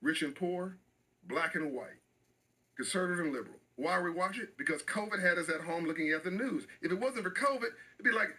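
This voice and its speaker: A man's voice: high voice, brisk, bright, forceful tone, low-quality recording. A middle-aged man speaking as an interview guest, passionate and emphatic, often repeating phrases for stress.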